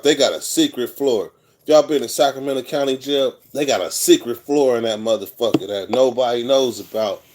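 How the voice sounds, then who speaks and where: A middle-aged vlogger from California tells prison stories in a rambling, candid way, swearing freely as he goes. His voice is medium-pitched and a little mellow.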